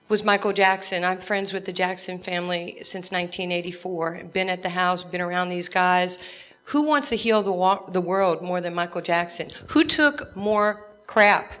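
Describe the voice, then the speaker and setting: A woman in her fifties with a New York accent, giving an animated acceptance speech full of stories and jokes. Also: medium pitch. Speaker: award recipient.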